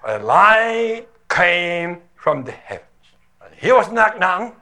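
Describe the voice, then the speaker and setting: A man's voice: high-pitched, big pitch swings, slow, sharp tone. An older man preaching a sermon, telling the story emphatically and dramatically and stretching out the words he stresses. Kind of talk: sermon, played from an archive recording.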